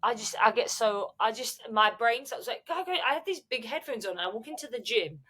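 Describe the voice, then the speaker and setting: A woman's voice: a little high, animated, a little fast, pushed and bright. A young woman, co-hosting a podcast in casual chat and acting out the voices in her stories. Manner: chatty storyteller, acts out quotes. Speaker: podcast co-host.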